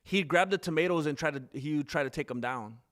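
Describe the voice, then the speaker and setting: A man's voice: fairly high pitch, fast talker. Chatty man giving live fight commentary. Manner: chatty, rambling, easily excited.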